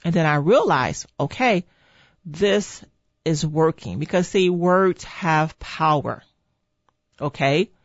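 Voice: mid-range voice, animated, takes it slowly, no echo. An earnest, encouraging speaker giving a motivational talk on coping with chronic pain in a lo-fi recording. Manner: earnest, encouraging, repeats "okay" and "see". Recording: dull lo-fi dry sound.

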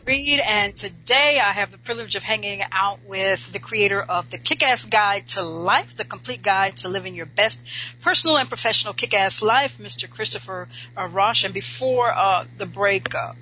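A woman's voice: mid-range voice, moderate pace, bright, forceful tone. A woman hosting an interview show, speaking in a conversational way with frequent fillers. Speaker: talk show host. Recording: dull lo-fi with faint noise.

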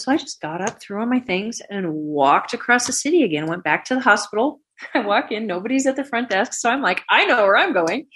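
A woman appears as a guest on a talk show, telling a personal story and giving lively voices to the people she quotes. Her voice is medium-pitched and husky.

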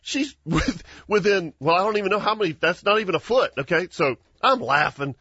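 A man, hosting a hunting show and telling a story in an animated way, with frequent laughs and restarts. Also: high voice, fairly quick, husky, no room sound, highs cut off. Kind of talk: casual storytelling chat.

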